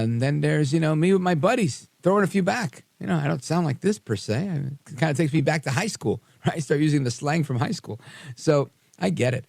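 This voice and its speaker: A man's voice: mid-range voice, creaky, a little mellow, dry recording. A man hosting a live talk radio show, casual and sarcastic with frequent fillers, in a studio.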